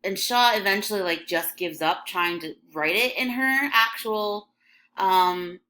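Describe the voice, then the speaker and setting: A woman teaching a high school English class in a recorded lecture, conversational, checking in often with "okay?" and the odd filler. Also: a little slow, sharp tone.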